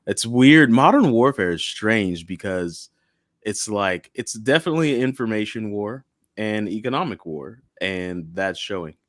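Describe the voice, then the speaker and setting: Joking podcast host, dry low voice. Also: male voice, animated, unhurried, fairly bright tone, no room sound. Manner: joking, offhand. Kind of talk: casual chat.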